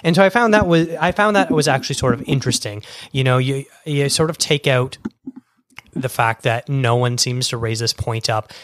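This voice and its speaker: A man's voice: medium pitch, moderate pace, no room sound, clean studio sound. A man casually reviewing a film in conversation, talkative and full of fillers and restarts.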